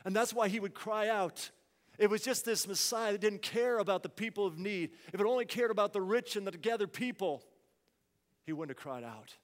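A man preaching a sermon as pastor, swinging from hushed asides to loud, pleading cries. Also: high-pitched, brisk, big-room sound.

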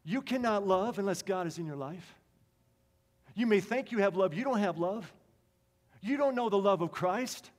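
Impassioned high-voiced male preacher. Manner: passionate, emphatic, swings to soft quiet tones. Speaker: pastor. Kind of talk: sermon. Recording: long reverb of a large hall.

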